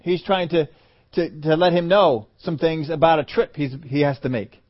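A male preacher delivers a sermon on a muffled, lo-fi recording, his voice sitting a little high. He acts out biblical voices calling names, swinging from ringing calls to soft, low lines. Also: moderate pace. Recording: dull lo-fi audio.

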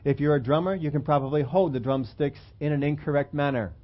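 A man's voice: fairly high pitch, fast. Man preaching a casual sermon, lo-fi audio. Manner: conversational, self-deprecating, asks the congregation questions. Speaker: pastor.

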